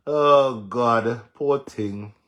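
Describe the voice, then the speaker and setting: Mocking Jamaican man ranting on a stream. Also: medium pitch. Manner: mocking, cursing, laughing loudly. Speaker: live streamer. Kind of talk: casual live-stream rant.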